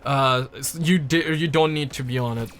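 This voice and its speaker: A young man from Pakistan chatting casually on a gaming news livestream, deliberately swinging his voice up and down as he answers chat. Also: medium pitch, soft background music. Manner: animated, shifts his voice up and down on purpose.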